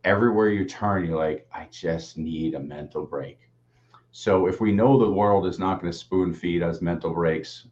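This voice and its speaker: Deep-voiced earnest male co-host. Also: a little mellow. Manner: earnest, explanatory. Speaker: co-host, teacher. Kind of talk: casual reflective chat. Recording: dull lo-fi sound.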